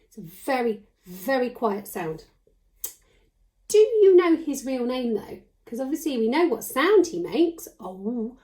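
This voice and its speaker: A woman's voice: a little high, darkish tone. Sing-song woman teaching phonics. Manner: encouraging, sing-song, slowly sounding out letters. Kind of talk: children's phonics lesson. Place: home.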